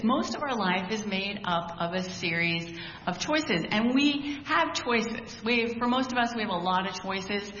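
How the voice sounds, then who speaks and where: A woman's voice: mid-range voice, fairly bright tone, slight background noise. A woman preacher giving a conversational sermon, opening with a prayer and asking rhetorical questions. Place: church hall. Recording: echoey hall, dull sound.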